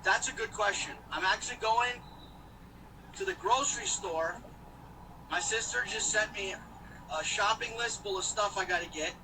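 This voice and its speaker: A man's voice: sits high, sing-song, normal speed, long pauses, distant mic, noisy background. A man chatting casually on a live stream while he drives, joking and rambling to his viewers. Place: in a car. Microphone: phone.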